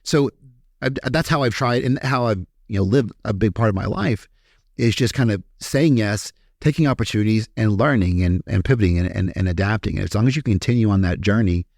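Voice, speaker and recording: A man from Kentucky, a podcast guest telling his story in a candid, animated way and swearing freely. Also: fairly low pitch, fairly quick, no room sound, studio quality. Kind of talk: casual storytelling interview.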